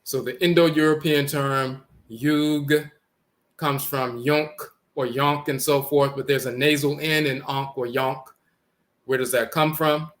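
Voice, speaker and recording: A man lecturing on language origins, deliberately spelling out letters and repeating each word as he points to text on screen. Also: mid-range voice, steady tone, a bit bright.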